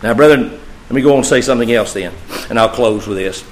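Male pastor, preaching style that swells loud then drops to a hush. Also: quick pace, poor audio. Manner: preaching, swinging from loud emphatic peaks to low hushed phrases. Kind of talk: sermon.

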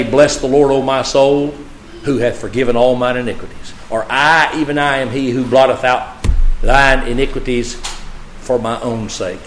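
Male pastor, preaching style that swells loud then drops to a hush. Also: slight background noise, low-quality recording. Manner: preaching, swinging from loud emphatic peaks to low hushed phrases. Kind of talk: sermon.

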